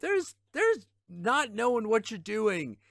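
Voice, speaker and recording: A man's voice: sits high, big pitch swings, takes it slowly, gravelly, a bit bright, no echo, clean studio sound. A man streaming a video game, ranting in frustration with plenty of swearing and repeated half-finished phrases. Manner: trails off into mutters and repetitions. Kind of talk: casual gaming stream chat.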